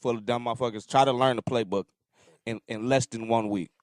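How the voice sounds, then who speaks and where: A man's voice: medium pitch, steady tone, no room sound, clean studio sound. A man co-hosting a podcast in casual chat, blunt and joking, heavy on slang. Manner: blunt, joking, slangy, acts out quick voices. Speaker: podcast co-host.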